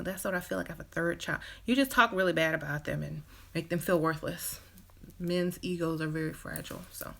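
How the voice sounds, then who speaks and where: A woman's voice: lowish voice, gravelly, fairly bright tone. A woman hosting a relationship advice live stream, chatting casually with many fillers and acting out quoted lines. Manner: chatty, acts out quoted dialogue in other voices; frequent "you know" fillers and brief laughs. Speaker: relationship advice channel host.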